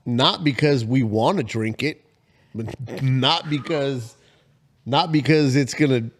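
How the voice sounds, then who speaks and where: A man in his forties, co-hosting a casual podcast, telling a story and acting out the quotes with big jumps in pitch. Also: slow. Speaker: podcast co-host.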